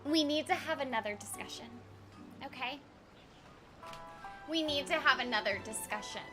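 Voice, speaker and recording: A woman's voice: high-pitched, moderate pace. A woman voice actor chatting casually with viewers during a game live stream, playful, giggly and teasing herself. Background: game music.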